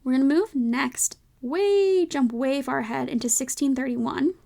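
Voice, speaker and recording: A woman's voice: sits high, fairly even intonation, moderate pace, creaky, darkish tone. A young woman with a light Southern American accent, hosting a casual solo podcast, chatty and full of "like" fillers and self-checking asides. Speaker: podcast host.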